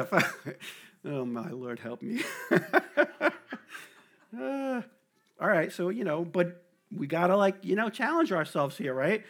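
A man's voice: fairly high pitch, expressive, normal speed, fairly bright tone. A middle-aged man with a New Jersey accent, teaching from scripture in a casual, conversational way, laughing often and checking in with "right?". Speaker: lay preacher or Bible teacher. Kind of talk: casual Bible study talk.

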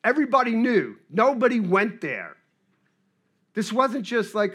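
Man, pastor, sermon, high pitch, conversational, emphatic. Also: wildly swooping pitch, normal speed, slightly rough. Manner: conversational preaching, swings from hushed to emphatic.

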